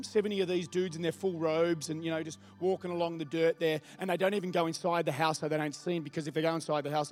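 A man preaching a sermon, reading scripture and talking conversationally with the congregation, often asking them questions. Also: fairly high pitch. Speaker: pastor.

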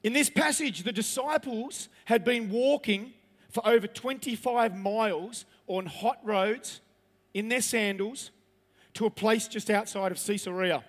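A man whose voice sits high and unhurried preaches in a conversational, humorous style, asking his listeners questions. A large hall's long reverb colors the sound.

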